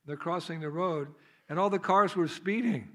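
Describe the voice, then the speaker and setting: Man, American accent, talks a little higher than most men, casual storytelling sermon, laughs often. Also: normal speed, a bit bright. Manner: chatty storyteller, laughs often, acts out scenes. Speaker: visiting monk speaker. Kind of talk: devotional sermon. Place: temple hall.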